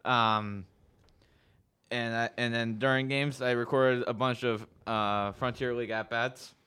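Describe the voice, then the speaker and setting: Bright, smooth-voiced young man. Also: medium pitch, fairly even intonation, measured pace. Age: young adult. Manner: laid-back, brief replies. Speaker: college radio co-host. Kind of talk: casual college radio chat.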